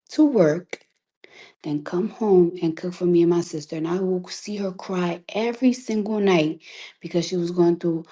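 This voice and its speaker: A woman's voice: fairly low pitch, a little mellow, poor audio. A woman, giving a defiant, emphatic and profane monologue. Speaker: rapper. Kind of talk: impassioned monologue.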